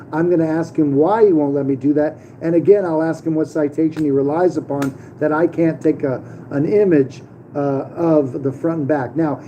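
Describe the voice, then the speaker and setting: A man's voice: a little high, highs cut off, slight background noise. A middle-aged man talking casually to camera as the host of his own channel, rambling with many fillers and restarts. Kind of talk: casual vlog monologue.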